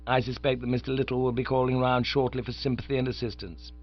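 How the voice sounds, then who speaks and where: A man's voice: mid-range voice, level tone, fast, close to an everyday voice. A man voicing a breezy, easily flustered young upper-class idler who sounds exasperated, in a dull, dry recording.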